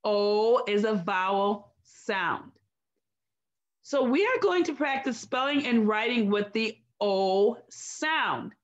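A woman teaching a recorded phonics lesson to young children, slow, clear and encouraging. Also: a little high, expressive, dull audio.

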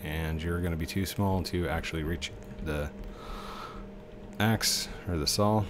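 Deep-voiced man rambling over gameplay. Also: measured pace, noisy background. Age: 30s. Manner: rambling, chatty, talks to the game objects. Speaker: let's play host. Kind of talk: casual gameplay commentary.

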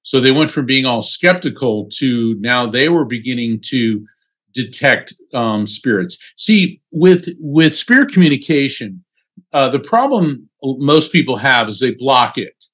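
A man, a psychic medium and attorney, talking as an interview guest in a casual, animated storytelling way with frequent um fillers. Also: mid-range voice, measured pace, breathy edge.

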